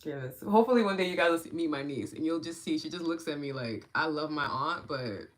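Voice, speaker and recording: A woman host who guides an EFT tapping session and then chats with her livestream viewers, thanking them one by one with open affection. She talks softly while guiding and more freely afterward. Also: sits low, fairly quick. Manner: soft and hushed while guiding.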